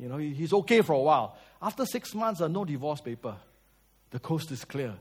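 A man preaches. His voice sits a little high for a man. He tells lively stories, swings between loud and soft, and asks his listeners questions. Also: brisk, breathy edge. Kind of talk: sermon.

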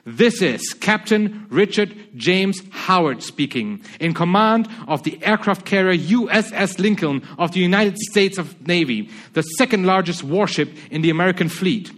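A preacher voices a pompous navy captain, commanding and loud, in a somewhat high voice. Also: male voice, animated, moderate pace, few pauses. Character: pompous American navy captain, adult man. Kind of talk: reading a story aloud in a sermon.

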